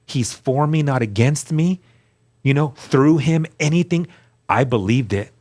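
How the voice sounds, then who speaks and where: A man telling his story as a guest, earnest and animated, acting out the dialogue he quotes. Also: medium pitch, measured pace. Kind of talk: storytelling testimony.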